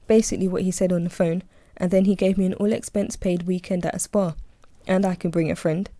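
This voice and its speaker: A woman's voice: on the low side, steady tone, quick pace, dark tone, no echo, natural voice. Audiobook figure: teasing young woman, woman reading, dry close sound. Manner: teasing, bubbly. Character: cheeky excitable young woman friend.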